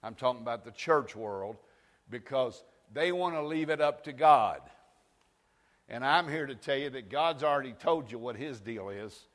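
A man preaching a sermon, firing rhetorical questions and rising to shouts. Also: medium pitch, lively intonation, moderate pace, in a large hall. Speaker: pastor. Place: church sanctuary.

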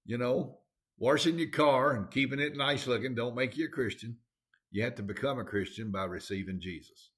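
A man's voice: mid-range voice, normal speed, fairly bright tone. A man with a Southern accent preaching a sermon, folksy and emphatic, with plain everyday grammar.

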